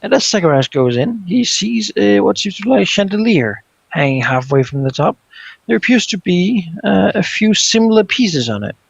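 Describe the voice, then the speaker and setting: A man running a tabletop role-playing game as game master, describing scenes in a laid-back way. His voice is gravelly and a touch high. The recording is dull and lo-fi, and dry. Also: very animated, normal speed, no echo. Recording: dull lo-fi mic.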